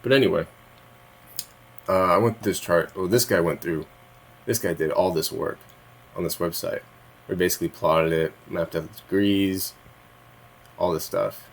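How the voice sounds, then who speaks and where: Casual vlogger, male, low voice, meandering delivery, laughs mid-sentence, swears when irritated. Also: normal speed, vocal fry, pauses often. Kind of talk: rambling casual monologue.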